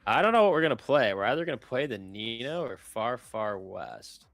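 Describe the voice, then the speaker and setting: A man's voice: mid-range voice, moderate pace, gravelly, no room sound. A man co-hosting a live trading stream, joking casually and reading out market headlines. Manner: relaxed, joking, reads market news aloud.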